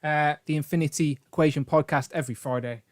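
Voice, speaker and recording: A man's voice: on the high side, fairly even intonation, fast. A man hosting a casual live stream, chatty and joking, reading out comments from the chat. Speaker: host.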